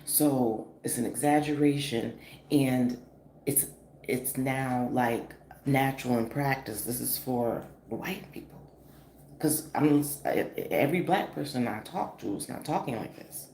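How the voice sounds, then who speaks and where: A woman in her forties from the northeastern US telling a story in a casual, animated, profane vlog style, full of fillers. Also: rumbling low, measured pace. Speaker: vlogger. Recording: echoey room with faint noise.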